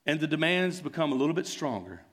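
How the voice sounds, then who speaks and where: A man's voice: fairly high pitch, big pitch swings, quick pace, fairly bright tone. A man preaching a sermon, retelling a scene in an earnest, conversational way. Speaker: pastor. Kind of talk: sermon storytelling.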